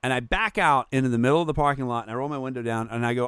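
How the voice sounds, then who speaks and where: A man, chatting as a podcast co-host, telling animated stories, swearing freely and acting out what people said. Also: medium pitch, racing, clean tone, dry recording, clean studio sound. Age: 40s. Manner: animated storyteller, swears freely, acts out quotes. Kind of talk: casual chat.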